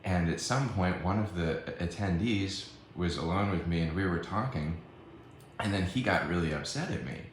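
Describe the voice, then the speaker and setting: Guy with a really deep voice rambling through a storytime vlog, acts out the quotes, faint hiss behind. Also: moderate pace, very echoey. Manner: animated, acts out quoted arguments, swears.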